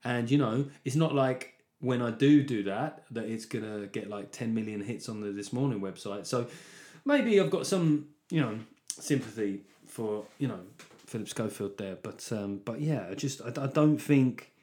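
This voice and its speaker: A man's voice: fairly low pitch, moderate pace, warm tone. Rambling, sweary solo podcast man. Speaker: podcast host. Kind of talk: casual solo podcast monologue.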